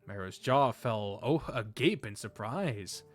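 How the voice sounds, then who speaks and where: A man's voice: on the low side, lively intonation, slow pace. Man reading a game aloud, faint music. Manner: profane reactions, laughing asides. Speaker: let's play host. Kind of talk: reading a visual novel aloud.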